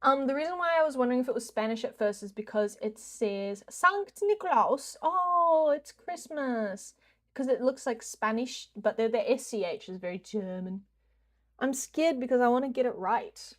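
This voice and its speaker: A woman's voice: fairly high pitch, brisk. A young woman with a New Zealand accent, streaming a guessing game in casual commentary, jokey, swearing freely and slipping into mock rants.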